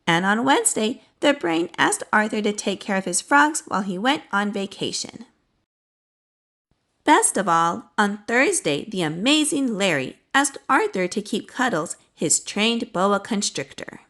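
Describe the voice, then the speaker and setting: A woman reading a children's storybook aloud in a cheerful, expressive way, then signing off to young viewers. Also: mid-range voice, unhurried. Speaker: children's book reader.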